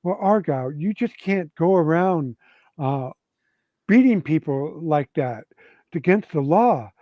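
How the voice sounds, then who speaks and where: A man voicing a petite, soft-spoken young noblewoman who mildly scolds a player character. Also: fairly high pitch, animated, measured pace, dry recording. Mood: scolding. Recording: dull lo-fi sound.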